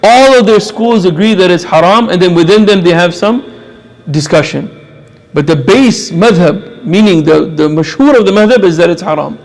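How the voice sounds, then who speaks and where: A man's voice: sits high, moderate pace. A man giving an impassioned religious lecture, repeating phrases for emphasis.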